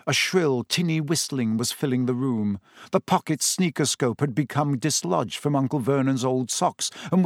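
A man's voice: medium pitch, no room sound. Man narrating an audiobook, dry sound.

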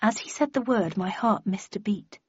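A woman's voice: medium pitch, moderate pace, slightly rough, no room sound. A woman reading a first-person novel aloud in a dry, wry storytelling manner. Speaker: audiobook narrator. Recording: dull lo-fi dry recording.

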